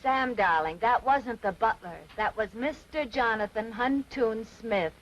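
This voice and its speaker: An actress playing a sweet, soft-spoken young wife who is troubled, in 1940s film acting. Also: female voice, on the high side, a little slow, rough recording. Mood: affectionate.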